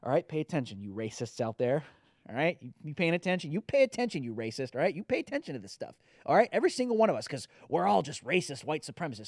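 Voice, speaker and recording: A man's voice: on the high side, very animated, quick pace, no room sound, studio quality. A man hosting a political commentary show, talking in a sarcastic, mocking way. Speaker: host.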